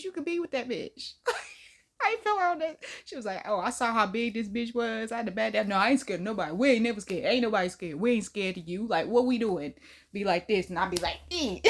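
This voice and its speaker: Woman, reaction host, lively swooping delivery, quick to laugh. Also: a little high. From Southern US. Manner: animated, laughing often, slangy. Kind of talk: casual reaction commentary.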